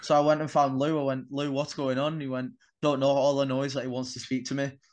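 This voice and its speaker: A man's voice: mid-range voice, level tone, fast. A young man, a wrestler guest on a podcast, telling a story in casual chat, swearing freely and acting out the dialogue.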